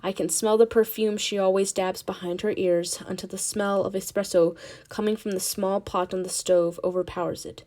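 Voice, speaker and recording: A woman reads a novel aloud in a steady, quiet voice. Her pitch sits in the middle. The delivery is even and unhurried. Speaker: audiobook reader.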